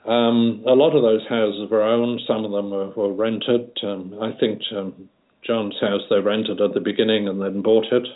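An older man with a light Liverpool accent speaks in a low, unhurried voice, full of restarts and ums. He sounds like a guest being interviewed. The sound is tinny, like a phone line. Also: flat delivery. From Liverpool, England. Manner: unhurried, many fillers and restarts. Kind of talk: casual interview reminiscence.

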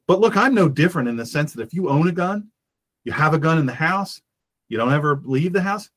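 A man's voice: on the high side, animated, a little fast, a bit bright. A man hosting a fiery political talk radio show, preaching in an impassioned way and acting out little scenes.

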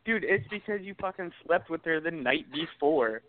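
A man's voice: fairly high pitch, expressive, normal speed. A young man co-hosting a podcast, teasing and ribbing his friend in casual chat. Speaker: podcast co-host. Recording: dry tinny phone-like sound.

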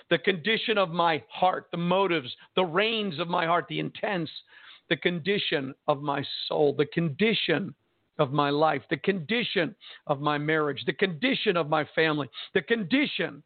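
Male pastor, impassioned emphatic preaching, slightly high voice, tinny phone-line sound. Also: no room sound. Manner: impassioned, slow emphatic preaching with dramatic repetition. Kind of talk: sermon on radio broadcast.

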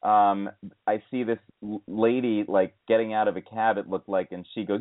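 A man's voice: little pitch movement, normal speed. A man co-hosting a casual talk show, telling rambling stories with many restarts and exasperated outbursts, speaking into earbud headphones. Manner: rambling storyteller, many restarts, rising to high exasperated pitch. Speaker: radio co-host. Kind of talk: casual podcast chat. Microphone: iPhone earbud headset mic. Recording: tinny phone-like dry sound.

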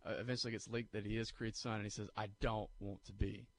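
A man co-hosting a sports radio show, telling movie scenes in a lively, animated way. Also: lowish voice, fast. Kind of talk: casual sports talk.

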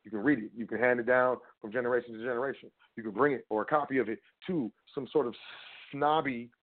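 A man's voice: mid-range voice, steady tone, fast. A man giving a rambling, casual lecture, often asking and answering his own questions and talking straight to the listener. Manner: rambling, rhetorical, talks to the listener directly. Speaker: trust law educator. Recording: phone-like narrow audio.

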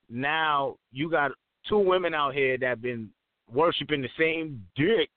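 A man's voice: medium pitch, no room sound. Profane joking man on a phone-like line. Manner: profane, joking, loose rambling. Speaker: co-host. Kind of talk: casual podcast banter.

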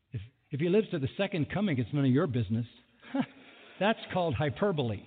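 A man preaching a sermon in an animated way, full of rhetorical questions and mock exasperation. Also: fairly high pitch. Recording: phone-like audio in a large echoing hall.

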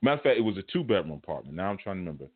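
A man teaching a spiritual class, telling stories in a casual, animated, colloquial way. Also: deep voice, racing. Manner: animated, colloquial, chuckles mid-story. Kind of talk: casual storytelling lecture. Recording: phone-like narrow band audio.

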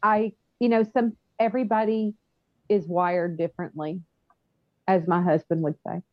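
A woman's voice: on the low side, fairly even intonation, normal speed, no room sound, highs cut off. A woman co-hosting a podcast in casual chat, talking in chatty bursts with many restarts. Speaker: podcast co-host.

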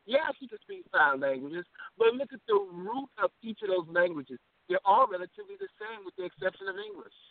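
A man co-hosting a casual political chat podcast, talking in a boastful, animated way with plenty of swearing. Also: extremely high pitch, a little fast, vocal fry, few pauses, dry recording. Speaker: podcast co-host. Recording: tinny phone-like sound.

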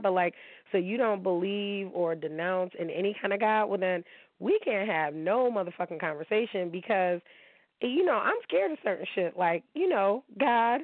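A show host from Kalamazoo, Michigan, delivers a casual monologue in a blunt, profane, heated way. Her fairly low voice sounds tinny and phone-like, dry with no room sound.

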